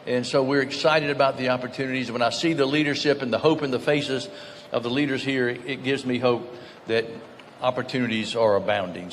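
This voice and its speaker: A man giving an earnest conference speech, telling stories and dropping to soft, grave tones. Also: medium pitch. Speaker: guest speaker. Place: conference hall. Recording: reverberant hall, faint background noise.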